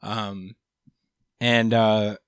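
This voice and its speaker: A man's voice: on the low side, level tone, extremely slow, clear, resonant tone, dry recording, studio quality. A young man hosting a podcast, recapping a chapter in rambling casual chat with many fillers and casual swearing. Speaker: podcast host.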